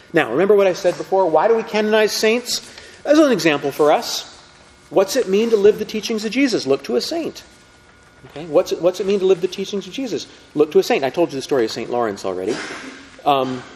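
A middle-aged man teaching a group about faith, speaking conversationally and often asking the audience questions. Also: darkish tone. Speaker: Catholic teacher. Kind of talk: storytelling talk to a group. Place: meeting room with tables. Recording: reverberant hall, faint rumble.

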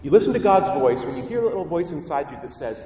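A man, a priest, giving a lively homily to young people and asking them questions. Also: a little high, quick pace, crowd noise. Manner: animated, asks the listeners questions. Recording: roomy hall echo from far off.

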